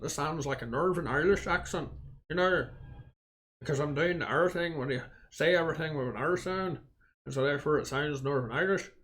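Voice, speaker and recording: A man streaming a game and giving a rambling, opinionated rant with many restarts, swearing casually. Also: medium pitch. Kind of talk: casual live-stream commentary.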